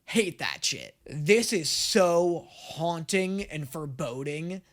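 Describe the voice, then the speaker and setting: A young man hosting an anime reaction video, gushing excitedly in a casual chatty way with some swearing. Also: on the high side, slow pace.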